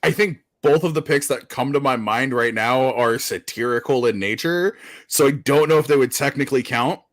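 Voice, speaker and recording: A man's voice: mid-range voice, moderate pace, no echo. Rambling man in casual chat. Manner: rambling, swears, many fillers and restarts.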